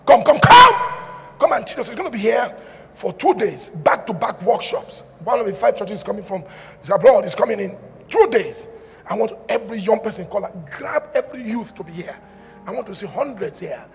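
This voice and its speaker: Animated pastor, high gravelly voice. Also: male voice, a little fast, slight background noise. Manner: animated, jokey, shouts and acts out dialogue. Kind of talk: sermon. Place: large church hall. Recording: hall reverb with faint ambience.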